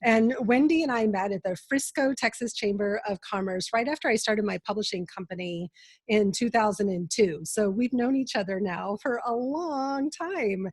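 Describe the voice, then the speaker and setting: A woman's voice: medium pitch, moderate pace, no room sound. A middle-aged woman hosting a podcast, nasal from a cold, giving an enthusiastic, gushing introduction of her guest. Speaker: podcast host. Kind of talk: casual podcast chat.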